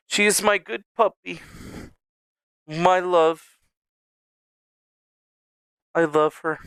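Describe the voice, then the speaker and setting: A man's voice: on the high side, vocal fry, a bit bright, clean tone, dry recording. Profane rambling male streamer. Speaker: livestream host. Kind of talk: casual livestream chat. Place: home streaming setup.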